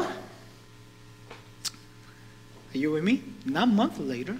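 A male pastor preaching a sermon, animated and putting questions to his congregation. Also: on the high side, very slow, pauses often, rough recording.

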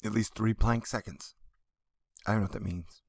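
A man's voice: lowish voice, fairly even intonation, normal speed, vocal fry, a little mellow, no room sound, clean studio sound. A man hosting a casual comedic news commentary vlog, reading article passages aloud and mocking them with sarcastic asides.

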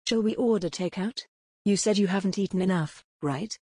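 A woman's voice: mid-range voice, normal speed, darkish tone, breathy edge, no echo, clean studio sound, natural voice. A woman reading the lines of a composed, tense young man in an audiobook.

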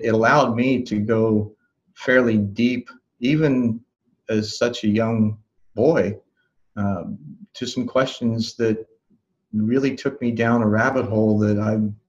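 A man being interviewed as a life coach, recounting a memory in a calm, thoughtful way with soft laughs and restarts. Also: lowish voice, slow, dull audio. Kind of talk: reflective interview storytelling.

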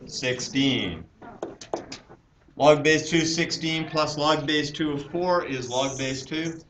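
A male math teacher lecturing in a classroom, working through each step and asking the students questions as he goes. He sits a little high for a man, and the mic is set back from him, so the room rings around his voice with a light hiss underneath. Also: takes it slowly, fairly bright tone, roomy sound, recorded from a distance, poor audio.

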